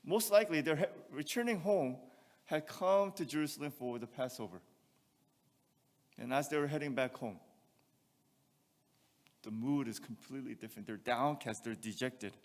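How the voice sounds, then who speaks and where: A man's voice: medium pitch, normal speed, long pauses, long reverb tail. A male pastor preaching a sermon, reading scripture aloud and asking rhetorical questions. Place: church sanctuary.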